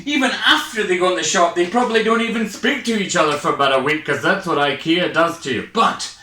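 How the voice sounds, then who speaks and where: Breathless, jittery Scottish comedian. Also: male voice, sits high, fast talker, sharp tone, a little hiss or hum. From Scotland. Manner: hyper, rambling, self-mocking. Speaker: stand-up comedian. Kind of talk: online stand-up set. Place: his home. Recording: echoey room, far from mic.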